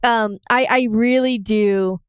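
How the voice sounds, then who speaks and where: Playful woman with a smooth voice. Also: on the high side, fairly even intonation, slow pace, no room sound. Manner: playful, teasing, giggly. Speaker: podcast co-host. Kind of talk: casual live-stream chat.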